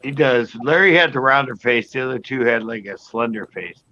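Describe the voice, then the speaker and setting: A man's voice: mid-range voice, lively intonation, fairly quick, bright, forceful tone, dull audio, slight background noise. A man hosting a casual live panel chat, telling stories in a rambling way with many restarts. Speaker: host.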